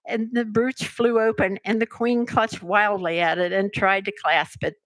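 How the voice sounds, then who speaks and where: An older woman reading a children's story aloud, narrating in an expressive, measured way. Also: medium pitch, dry recording. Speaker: resident reader.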